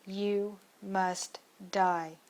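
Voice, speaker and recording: A woman voicing a murderous male zombie leader who barks short, broken commands in a flat tone. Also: mid-range voice, takes it slowly, natural voice. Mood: raging. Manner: curt shouted commands.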